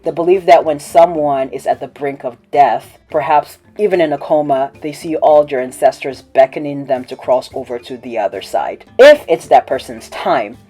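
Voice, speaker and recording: Low-voiced woman giving cultural commentary. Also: mellow, slightly rough, soft background music. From Cameroon. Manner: measured explanatory delivery with wry asides. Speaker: video essay host. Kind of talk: scripted commentary read to camera.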